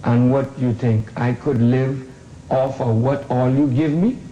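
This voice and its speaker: A proud, firm Caribbean mother speaks in a slow, weighty manner, as an older man puts her on. Her tone is dark and mellow. The recording is dull and roomy, with a faint hum behind. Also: mid-range voice, steady tone, close to an everyday voice.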